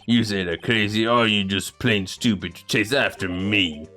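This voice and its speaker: A man voicing a gruff, menacing male loan-shark boss from a game, with rough, slangy threats. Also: on the low side, normal speed, bright, forceful tone, soft background music, voice pushed down. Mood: threatening.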